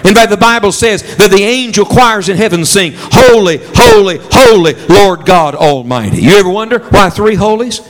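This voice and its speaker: A man's voice: high voice, moderate pace, few pauses. A man preaching a sermon, leading his congregation in call-and-response and stressing a key word again and again.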